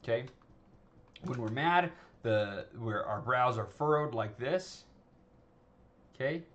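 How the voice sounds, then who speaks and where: A man's voice: medium pitch, lively intonation, takes it slowly, a bit bright, highs cut off. A man teaching an animation tutorial in a loose, conversational way, often checking in with "okay?" and "right?" and restarting his sentences. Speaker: animation instructor. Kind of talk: screen-recorded tutorial, casual teaching.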